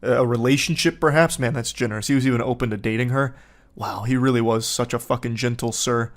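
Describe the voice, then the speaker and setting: A man giving casual reaction commentary in a sarcastic, deadpan and profane way. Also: mid-range voice, fairly quick. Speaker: online commentator reacting to texts.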